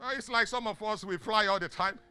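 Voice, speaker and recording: A middle-aged man with a Nigerian accent preaching a sermon in call-and-response style. He swings from soft asides to shouts and chuckles often. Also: sits high, fast, soft background music. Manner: chuckles often mid-sentence. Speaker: pastor.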